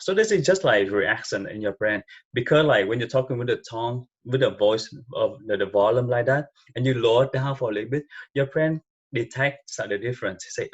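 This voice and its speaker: A man with a Vietnamese accent talks off the cuff, rambling loosely and leaning on filler words as he gives advice. His voice is husky and slightly breathy, and the recording sounds dull and lo-fi. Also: mid-range voice, fairly quick. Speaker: vlogger giving speaking tips. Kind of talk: casual unscripted advice talk.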